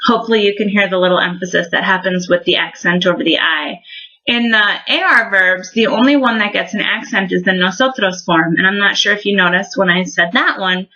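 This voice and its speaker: A woman's voice: mid-range voice, fairly quick, bright, forceful tone, dull audio. A woman explaining verb endings in a recorded language lesson, friendly and patient, with frequent ums. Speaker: Spanish teacher.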